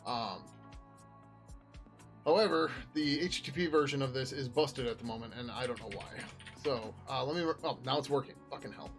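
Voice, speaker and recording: A man of ordinary mid-range pitch talks through his code on a live stream in a loose, offhand way. He trails off, restarts and swears casually as he goes. Soft music plays faintly behind him. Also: brisk. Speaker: software developer streaming his work.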